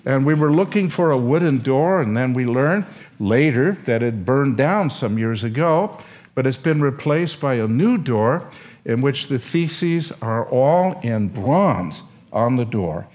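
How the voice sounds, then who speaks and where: Older man telling a story, very lively. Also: medium pitch, a little slow. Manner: animated, emotional storytelling with acted quotes. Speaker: seminary professor. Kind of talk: storytelling lecture.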